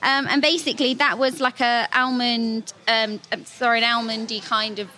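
A chatty young woman with a bright, clear voice that sits a little high. She talks casually as a podcast guest, with plenty of fillers and giggles. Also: level tone, normal speed, a little hiss or hum. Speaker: digital intern, guest.

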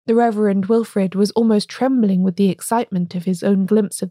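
Woman reading with a mellow tone. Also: mid-range voice, fairly even intonation, fairly quick, hardly any pauses, no room sound, studio quality. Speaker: audiobook reader. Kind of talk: scripted narration.

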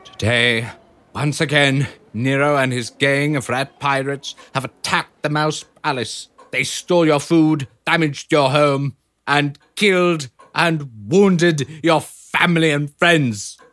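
Storybook hero hamster, determined and rousing, a man voicing him slow and bright. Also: on the high side, steady tone, dry recording, pitched above the performer's own voice. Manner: rousing, determined speech-making. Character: brave male hamster rallying mice.

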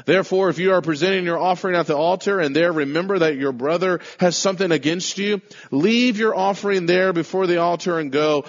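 A man preaches a sermon with dramatic swings between loud, forceful lines and hushed, slow ones. His voice sits fairly high for a man. The sound is muffled, and a long reverb trails off in a church hall.

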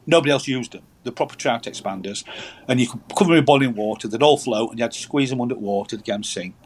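A guest angler with a mid-range, slightly rough voice tells rambling stories in a casual chat, often repeating words.

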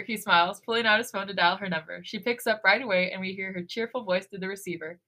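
A woman's voice: medium pitch, fairly even intonation, fast talker, few pauses, pushed and bright. A woman co-hosting a podcast, reading fan fiction aloud with expression.

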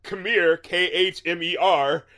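Guy with a pretty high voice, animated casual podcast chat, laughs a lot, swears. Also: slow. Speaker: podcast co-host.

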